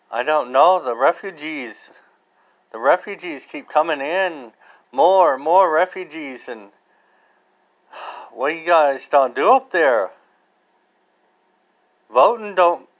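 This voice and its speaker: A man's voice: fairly high pitch, lo-fi sound. An American man hosting his own podcast, talking in a rambling, casual monologue full of fillers and restarts. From United States. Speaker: podcast host.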